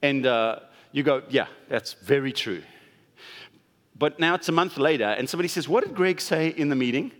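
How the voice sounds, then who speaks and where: A man's voice: medium pitch, animated, normal speed, a bit bright. A man pastor giving a conversational sermon, leaning hard on stressed words for emphasis. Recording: long hall reverb.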